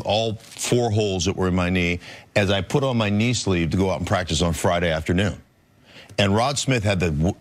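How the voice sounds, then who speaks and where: A man and former pro football player chatting and telling stories on a sports debate show. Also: low-pitched. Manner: conversational, storytelling, frequent agreeing interjections.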